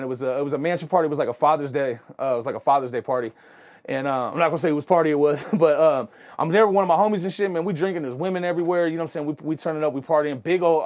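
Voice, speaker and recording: A young man, a music producer, telling stories in a casual, slangy, animated way. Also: on the high side. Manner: animated, slangy, full of "you know what I'm saying". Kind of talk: casual storytelling.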